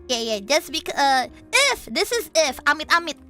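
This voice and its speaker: High bright animated streamer woman. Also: normal speed. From Indonesia. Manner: animated, switches between Indonesian and English, laughs often. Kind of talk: casual livestream chat. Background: soft background music.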